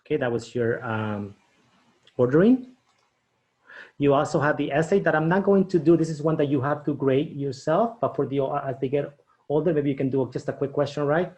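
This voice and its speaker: Chatty man demonstrating quiz software. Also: a little high, normal speed. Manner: chatty, frequent "okay?" and "right?" check-ins, thinks aloud. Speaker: teacher trainer. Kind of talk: screen-share training demo.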